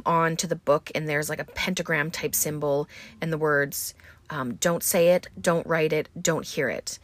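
A woman's voice: low voice, a bit bright. A woman casually recapping a horror film, chatty and full of filler words. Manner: chatty, many ums and likes.

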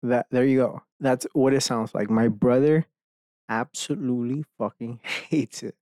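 A man at his home desk talks into a close microphone in a loose, unscripted podcast ramble. His voice sits in an ordinary middle pitch and sounds dry and close, with no room around it. He curses casually and breaks into laughs between words. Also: steady tone, unhurried, warm tone, dry recording. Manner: rambling, swears often, laughs mid-sentence. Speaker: podcast host. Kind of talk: casual solo podcast chat.

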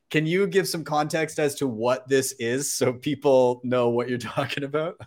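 A man hosting a casual livestream conversation, relaxed and laughing, with lots of fillers. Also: a little high, moderate pace, hardly any pauses. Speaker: host.

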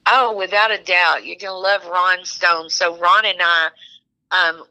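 A woman's voice: fairly low pitch, fairly even intonation, a little slow, sharp tone, poor audio. An older woman with a Texas accent, a guest author chatting cheerfully on an interview podcast, laughing often and talking in a Southern drawl. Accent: Texan. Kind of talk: casual interview chat.

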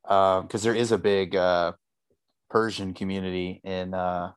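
A man with a somewhat low voice co-hosts a laid-back podcast. He talks loosely and swears freely. The sound is dry and close. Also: little pitch movement, measured pace, smooth, no room sound. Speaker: podcast co-host. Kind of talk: casual chat.

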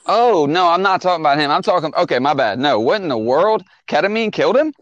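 A man who is a police officer, talking in casual chat with halting, stammering restarts and some casual swearing. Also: a little high, lively intonation, a bit bright, dry recording. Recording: slightly dull lo-fi sound.

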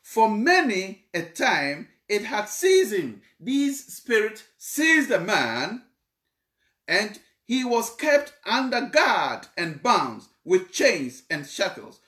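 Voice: mid-range voice, big pitch swings, slow, bright, forceful tone, reverberant. A preacher explaining a Bible passage in a sermon, repeating points and checking in with the congregation.

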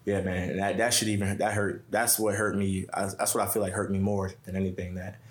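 A man's voice: deep voice, flat delivery, a little fast, reverberant. A man with a young son, a podcast guest, telling a story in loose casual chat, repeating words and quoting friends in slang. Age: adult with a young son.

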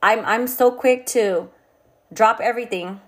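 A woman's voice: on the high side, unhurried. A young woman talking candidly to camera, telling a personal story in a casual, frank way, full of fillers and swearing. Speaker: vlogger.

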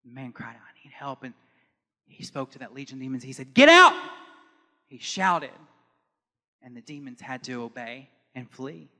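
A man preaching a sermon to a congregation in a church, moving from calm teaching to loud, impassioned preaching. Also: mid-range voice, normal speed, big-room sound. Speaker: pastor.

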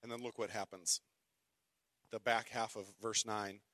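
A man preaching a sermon, with wry conversational asides, who reads scripture dramatically, swinging from loud declaiming to hushed whispers. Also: on the low side, fairly even intonation, measured pace, no echo. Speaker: pastor.

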